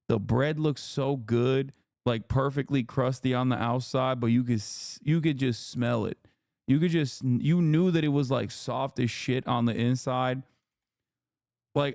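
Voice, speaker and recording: A man rambles and rants through his livestream commentary, swearing freely. His voice is smooth and clear. It is recorded close and dry, with no room sound. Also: medium pitch, normal speed, no echo. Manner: profane, ranting, animated rambling. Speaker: streamer host.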